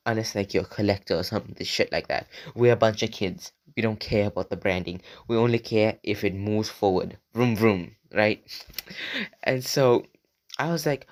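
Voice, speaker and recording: Rambling, profane young man, lowish voice. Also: normal speed. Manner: rambling and profane, heavy filler words; talks straight to viewers. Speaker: vlogger. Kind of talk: casual storytime monologue.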